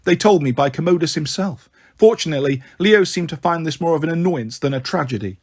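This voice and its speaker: Male storyteller, slightly raised pitch, expressive first-person audiobook reading. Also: brisk, slightly rough. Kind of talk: audiobook narration.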